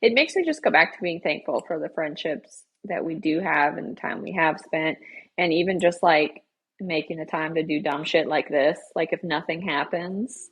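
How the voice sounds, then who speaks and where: A young woman co-hosting a podcast, talking in a chatty, animated, over-explaining way. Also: sits low, normal speed, husky. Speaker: podcast co-host. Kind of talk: casual chat.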